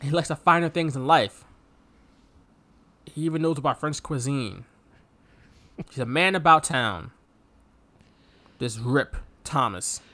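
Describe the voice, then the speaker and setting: A man's voice: mid-range voice, measured pace, long pauses, sharp tone. A man co-hosting a podcast, riffing sarcastically on a movie and laughing often. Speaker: podcast co-host. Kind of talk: casual movie review chat.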